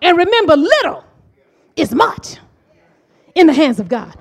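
A middle-aged woman preaching with fervor, her very high voice leaping up and down in pitch. She drops to quiet asides, then rises into shouted declarations to her congregation. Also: sing-song, measured pace, long pauses. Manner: impassioned, swings from hushed to shouting. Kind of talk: sermon.

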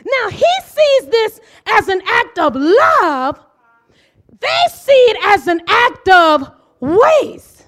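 A middle-aged woman preaches fervently in a very high, sing-song voice that jumps up and down in pitch. Speaking slowly, she falls into quiet asides before rising into shouted declarations to her congregation, her impassioned delivery swinging from hushed to shouting.

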